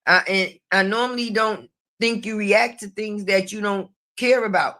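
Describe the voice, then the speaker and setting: Woman, middle-aged, live streamer, casual commentary, brash, profane, frequent laughs, bright forceful voice. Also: medium pitch, steady tone, moderate pace.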